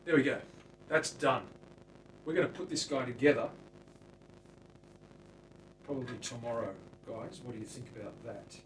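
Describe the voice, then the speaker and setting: A man's voice: medium pitch, normal speed, pauses often, slight background noise. A man with an Australian accent chatting to his live-stream viewers while he works, picked up in his workshop. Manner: chatty, talks to chat viewers by name while working. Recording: roomy workshop sound from a distant mic.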